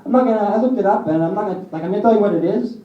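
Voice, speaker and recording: A man's voice: high voice, very fast. A young man doing a stand-up set, telling crude rambling stories, recorded from far off in a small venue. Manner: crude, rambling storytelling with audience laughs. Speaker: stand-up comic. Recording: distant roomy lo-fi club recording. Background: audience laughter.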